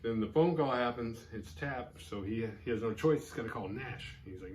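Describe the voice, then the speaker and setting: A man's voice: mid-range voice, moderate pace, few pauses, a little hiss or hum. A man casually recapping a horror movie, acting out the characters' lines as he tells it. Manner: animated, acts out characters' lines mid-recap. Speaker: horror movie podcast host.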